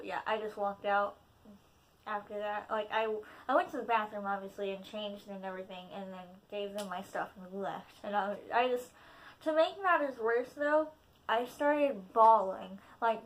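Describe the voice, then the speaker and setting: Brief: teen girl vlogger, slightly high voice, rambling and self-deprecating, filler-heavy storytime. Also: a bit bright. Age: teens. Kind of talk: casual storytime vlog.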